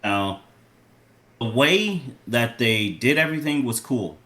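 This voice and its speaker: A man co-hosting a podcast, casually giving his opinions and ratings in a relaxed way, with lots of "like" and "you know". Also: medium pitch, takes it slowly. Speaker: podcast co-host. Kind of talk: casual review chat.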